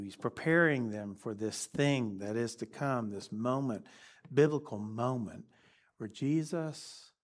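A man preaching a sermon, telling a story in a lively way that shifts between energetic and hushed. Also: medium pitch.

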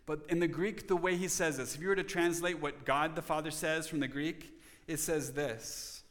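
A man preaching a sermon as pastor, earnest, dropping to soft tones for emphasis. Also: a little high, fairly even intonation, moderate pace, long reverb tail.

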